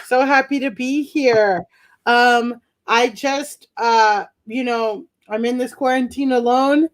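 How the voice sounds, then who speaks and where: A young woman performing a stand-up set from home over a video call, rambling, laughing at her own jokes and shouting her punchlines. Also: on the high side, slow pace. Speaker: stand-up comedian. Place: home during quarantine.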